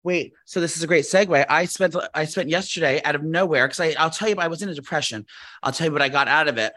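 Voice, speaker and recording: A man's voice: fairly high pitch, fast talker. A man in his thirties co-hosting a podcast, telling long rambling stories in casual chat with lots of fillers. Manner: rambling, animated storytelling with many fillers. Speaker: podcast co-host.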